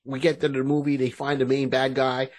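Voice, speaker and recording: Speaking fairly quickly in a mid-range voice, a male podcast co-host keeps things casual and lively while discussing a movie, acting out its lines as he goes.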